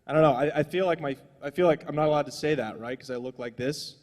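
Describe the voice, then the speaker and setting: A man's voice: on the high side, quick pace, long reverb tail. A young adult man doing a stand-up comedy set on a small stage, rambling and profane in a loose, conversational way.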